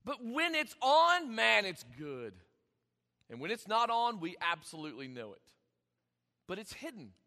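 A man preaching a sermon, emphatic, with dramatic pauses and sudden swings in volume. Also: high voice, pushed and bright, long reverb tail. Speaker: pastor.

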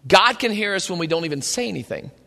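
A man's voice: high-pitched, lively intonation, quick pace, vocal fry, sharp tone, long reverb tail. A man preaching a sermon, reading scripture and retelling it in casual modern speech.

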